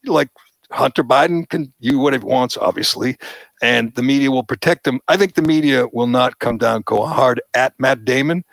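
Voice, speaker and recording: A man's voice: mid-range voice, vocal fry, dry recording. A man hosting a podcast, giving opinionated political commentary and mocking the people he quotes. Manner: animated, mocking quoted voices. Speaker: podcast host.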